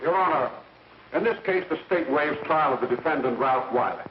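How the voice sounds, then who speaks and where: An actor plays a formal male prosecutor who declaims to the court in a raised, fairly high voice. He sounds far off in an echoey room. The track is a muffled, hissy 1930s film recording. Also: expressive, normal speed, close to an everyday voice.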